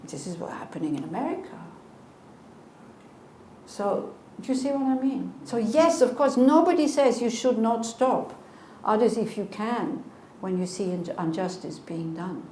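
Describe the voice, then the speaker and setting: A woman's voice: mid-range voice, expressive, measured pace, mellow. Woman in her 60s teaching buddhism, chatty and earnest, echoey room with a bit of hiss. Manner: conversational, earnest, with rhetorical questions. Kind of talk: dharma teaching with Q&A. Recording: echoey room, faint noise.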